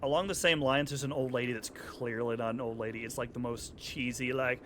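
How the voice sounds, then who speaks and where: A man's voice: medium pitch, brisk, hardly any pauses, a bit bright, slight background noise. A man commentating casually while he plays a video game, joking and rambling sarcastically over the cutscenes. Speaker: streamer playing a video game. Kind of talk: casual let's-play commentary.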